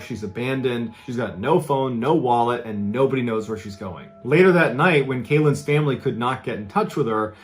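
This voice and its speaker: A man at an ordinary mid pitch narrates a true story as a podcast host. He keeps it conversational and dramatic, as if recounting it to a friend. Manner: conversational, dramatic retelling with quoted voices.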